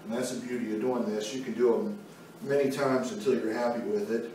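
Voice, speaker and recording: An art instructor talks his way through a painting demonstration one step at a time, easygoing and chatting as he works. His mid-range voice is steady, brisk and warm. The room echoes heavily, the mic sits far away, and there's faint noise.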